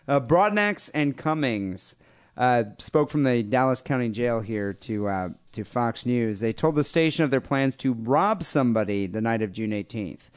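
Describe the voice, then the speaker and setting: A man's voice: mid-range voice, lively intonation, moderate pace, clear, resonant tone. A man with a Midwestern American accent hosting a podcast. He reads news stories aloud in a loose, jokey way and laughs often between lines. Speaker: podcast host. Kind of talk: casual chat, reading news stories aloud.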